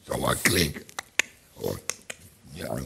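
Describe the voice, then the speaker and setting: A man's voice: very deep voice, very animated, takes it slowly, gravelly, noisy background. A man with a London accent speaking plainly and with determination on a conference panel. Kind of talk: casual panel discussion.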